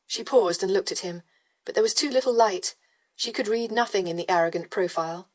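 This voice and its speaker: A woman reads a historical romance in a steady, measured narrating voice. Her pitch sits in an ordinary middle range, and she paces the prose evenly. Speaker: audiobook narrator. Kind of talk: scripted narration.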